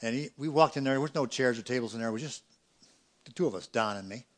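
A middle-aged pastor preaching a sermon, swinging between loud emphatic peaks and quiet, quick asides. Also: male voice, mid-range voice.

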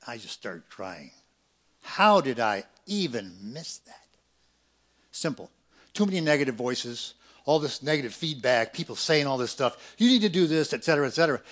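A middle-aged pastor preaching a sermon, swinging between loud emphatic peaks and quiet, quick asides. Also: male voice, mid-range voice, animated.

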